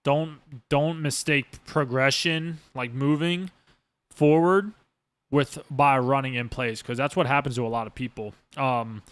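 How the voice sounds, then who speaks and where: A man's voice: mid-range voice, fairly even intonation, a little slow, smooth, no room sound. A man hosting a casual podcast monologue as a streamer, rambling and emphatic with lots of swearing. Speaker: streamer host.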